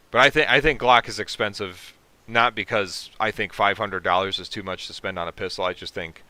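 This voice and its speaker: A man with a low, bright, forceful voice hosts a casual livestream, reading chat and riffing on it with profanity and laughs. His voice is smooth and resonant, and the recording is dry and close. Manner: profane, joking, reacting to chat. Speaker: livestream host.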